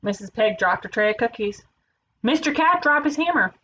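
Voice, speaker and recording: Expressive woman teacher reading aloud. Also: fairly high pitch, normal speed, muffled recording. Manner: expressive, playful storyteller. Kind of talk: children's read-aloud.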